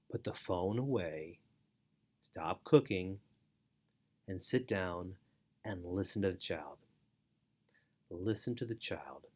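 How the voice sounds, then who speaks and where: A middle-aged man teaching parents in an earnest instructional talk, repeating key phrases for emphasis. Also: low voice. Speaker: foster parent and parenting educator.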